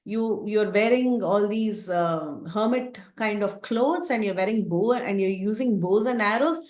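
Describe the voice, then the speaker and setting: A woman's voice: medium pitch, measured pace, a little mellow, roomy sound, natural voice. A woman voicing a huge, ferocious male demon who boasts and threatens in a raised, commanding voice. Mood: menacing, boastful.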